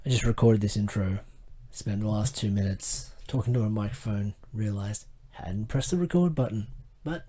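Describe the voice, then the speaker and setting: A man's voice: fairly low pitch, normal speed, hardly any pauses, warm tone, husky. A man with an Australian accent hosting a casual podcast interview, chatty and upbeat, with plenty of fillers and restarts. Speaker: podcast host.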